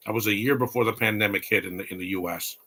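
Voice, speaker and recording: A man's voice: lowish voice, quick pace, pushed and bright. A man hosting a casual live movie commentary, rambling and opinionated with blunt asides.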